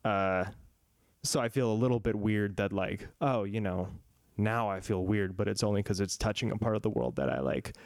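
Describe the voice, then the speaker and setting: A man co-hosting a podcast in casual chat, easygoing and halting, with many fillers. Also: lowish voice, no echo, studio quality. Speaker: podcast co-host.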